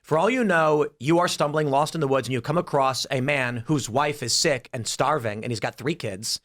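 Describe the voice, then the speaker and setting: A man's voice: mid-range voice, moderate pace, fairly bright tone. A man hosting a casual panel debate, talking animatedly and acting out quoted voices as he lays out a scenario. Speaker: podcast host.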